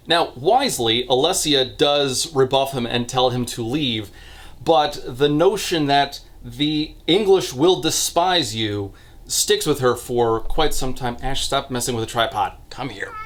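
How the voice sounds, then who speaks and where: A man hosting a casual book review, talking through the plot with sarcastic, deadpan asides. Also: mid-range voice, takes it slowly.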